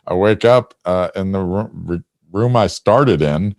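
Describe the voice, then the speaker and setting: A man hosting a podcast, talking hoarsely after throat surgery, rambling through a story with lots of fillers. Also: sits low, measured pace, a little mellow, no room sound, clean studio sound. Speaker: podcast host. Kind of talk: casual chat.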